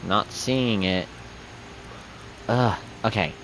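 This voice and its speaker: A man's voice: on the low side, drawn-out words, a bit bright, a little hiss or hum. A young man giving casual gameplay commentary as a streamer, chatty and rambling. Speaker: gaming streamer.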